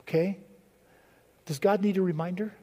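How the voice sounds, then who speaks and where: A male pastor delivers a sermon conversationally, putting questions to the congregation along the way. His high-pitched voice is steady and dark at a normal pace, trailing a long reverb tail.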